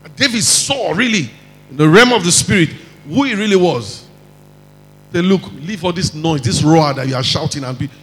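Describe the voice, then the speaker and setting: A man with a Nigerian accent preaching a lively sermon, acting out quotes and mixing in pidgin. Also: on the high side, moderate pace, slightly rough, long reverb tail, soft background music, low-quality recording. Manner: animated, mixes in pidgin, acts out quotes.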